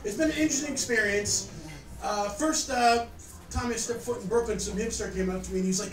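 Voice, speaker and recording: A man's voice: high voice, expressive, moderate pace, pauses often. A man doing a stand-up comedy set, sarcastic and self-mocking as he banters with a live audience. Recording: roomy echo, distant mic, crowd noise.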